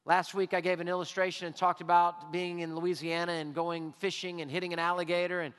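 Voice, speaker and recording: A man preaching a sermon as pastor, emphatic and drawing out his words with pauses. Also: high-pitched, flat delivery, a bit bright, smooth. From Texas. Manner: emphatic, with long drawn-out pauses. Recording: hall reverb.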